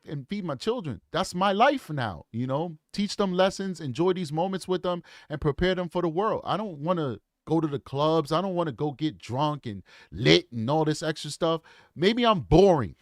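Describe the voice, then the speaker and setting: A man's voice: on the high side, big pitch swings, normal speed, no echo, studio quality. Plain-spoken man in his forties. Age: 40s. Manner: opinionated, talks straight to the audience. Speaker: true crime commentator. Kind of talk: casual commentary to viewers.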